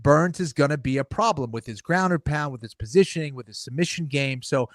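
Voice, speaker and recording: Measured male fight analyst, dry close sound. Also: on the high side, no room sound. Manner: measured, fillers like "you know" and "um". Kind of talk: casual podcast analysis.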